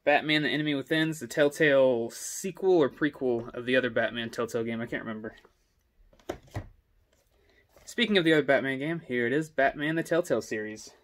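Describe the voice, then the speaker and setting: In a relaxed walkthrough vlog filmed indoors at home near some stairs, a young man shows off his games on a selfie stick camera. He speaks fast in a somewhat bright mid-range voice with few pauses, rambling casually and filling gaps with ums and uhs.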